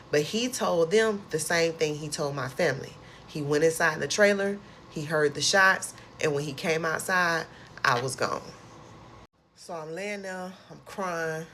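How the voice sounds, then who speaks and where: A woman's voice: low-pitched, unhurried, slight background noise. A young woman, animatedly telling her own survival story in a casual storytime vlog. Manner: animated, expressive retelling with dialect and slang.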